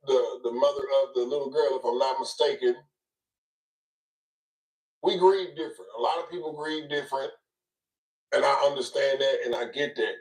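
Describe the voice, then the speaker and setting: A man commenting on news clips in a measured, reflective way. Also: mid-range voice. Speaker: online commentator. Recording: roomy, distant mic.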